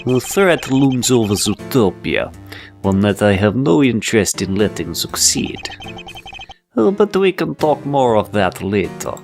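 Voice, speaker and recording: A man putting on a slow mock-Russian mob boss. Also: on the low side, sing-song, vocal fry, darkish tone, soft background music, full character voice. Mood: menacing. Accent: mock Russian-Italian accent. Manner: slow, drawn-out, menacing. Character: tiny elderly male mob boss, menacing and calm. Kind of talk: let's play voice acting.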